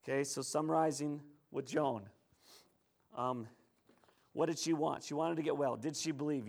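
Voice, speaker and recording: During a church sermon, a male pastor recounts the story in a lively, talky manner, shifting between quiet and loud. He speaks at a moderate pace in a fairly high voice with vocal fry.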